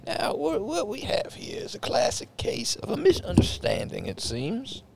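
A high, gravelly old Southern judge with a put-on drawl, pompous and quick to shout for order, as a man plays him. The voice swings widely up and down as he lords over the court. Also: wildly swooping pitch, heavy background noise, heavily acted. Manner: pompous, bangs for order, cuts people off. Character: blustering old Southern male small-town judge. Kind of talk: improvised mock trial on a podcast.

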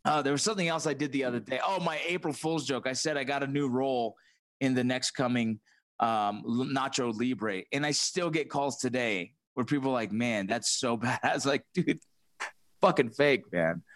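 A man's voice: medium pitch, brisk, a bit bright. A man hosting a casual podcast chat, talking loosely with lots of swearing and laughter. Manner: profane, laughing, loose banter. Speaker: host.

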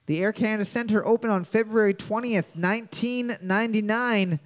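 A man hosting a trivia quiz, reading each question slowly and joking and swearing between rounds. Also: high voice. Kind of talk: casual trivia hosting with banter.

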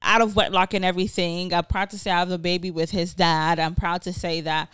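A woman's voice: fairly low pitch, level tone, a little fast, a bit bright, clean tone, no echo, studio quality. A young woman co-hosting a podcast, chatting candidly and swearing freely. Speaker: podcast co-host. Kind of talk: casual chat.

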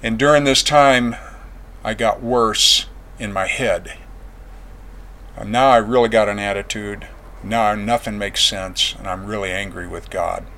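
A man's voice: lowish voice, steady tone, unhurried. Earnest man telling his testimony. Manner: earnest, plain-spoken, dropping quiet on painful memories. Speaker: veteran giving testimony. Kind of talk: personal testimony storytelling.

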